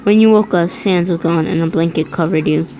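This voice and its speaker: A woman's voice: on the low side, a little fast, background noise. A woman reading fan fiction aloud, often stumbling over words and restarting lines. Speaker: reader.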